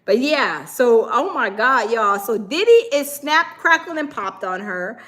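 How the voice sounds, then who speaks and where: A woman hosting a casual livestream, sassy and animated, reading comments from the chat. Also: a little high, measured pace. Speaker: livestream host.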